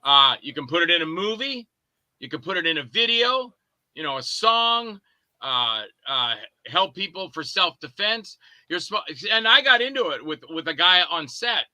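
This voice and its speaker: A man's voice: high voice, moderate pace, no echo, low-quality recording. A man, a guest filmmaker, telling stories in a casual interview and acting out the people he quotes. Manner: animated, acts out quoted lines with swearing.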